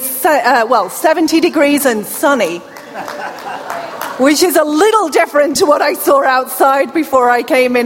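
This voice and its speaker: A woman's voice: sits high, slight background noise. A British woman in her forties speaking with a deaf accent, giving a playful keynote speech to a crowd in a large hall. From England. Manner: chatty and playful, engaging the crowd. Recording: echoey hall, amplified speech.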